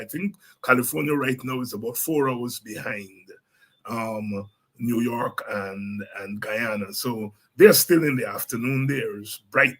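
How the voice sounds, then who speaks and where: Husky-voiced man greeting live viewers. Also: medium pitch, fairly bright tone. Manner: chatty, with many fillers and restarts. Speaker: host of a live politics show. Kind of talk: casual greetings to a live audience.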